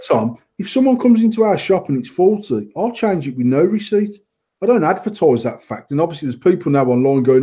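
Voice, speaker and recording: A man hosts a casual podcast chat and swears freely. His voice is dark and husky, pitched a little high. The recording sounds dull and lo-fi. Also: very animated, brisk. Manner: blunt, sweary, laughs often. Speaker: vape shop owner and podcast host.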